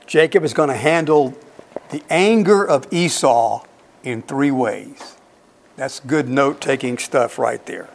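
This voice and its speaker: A middle-aged man preaching an expository sermon, conversational and emphatic, asking his listeners questions as he reads and explains scripture. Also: mid-range voice.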